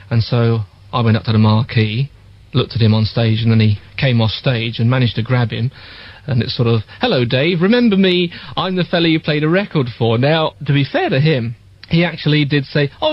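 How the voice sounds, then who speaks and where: An older Englishman recounts his early days in radio, with a slightly husky voice and a habit of acting out what people said. The recording is dry and a little dull. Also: medium pitch, dry recording. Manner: animated anecdotes, acts out quoted voices. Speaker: former radio DJ interviewee. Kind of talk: reminiscing storytelling.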